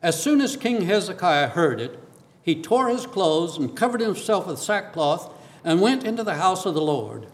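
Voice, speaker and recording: A man's voice: sits high, sing-song, normal speed. A man preaching a sermon, reading scripture aloud and asking questions of his listeners.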